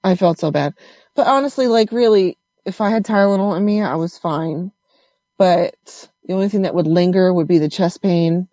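A woman telling a story in casual conversation, animated and swearing as she acts out what others said. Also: fairly low pitch, normal speed, no echo, lo-fi sound.

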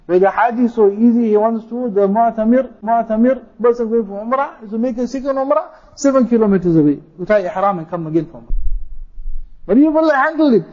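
A mufti delivers a sermon in a very high-pitched voice at a slightly fast pace, repeating phrases for emphasis and reciting Arabic quotations. The audio sounds dull.

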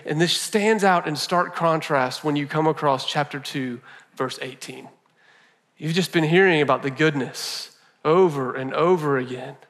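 A man's voice: fairly high pitch, a little slow, a bit bright, long reverb tail. A male pastor preaching a sermon in a conversational way, repeating phrases for emphasis.

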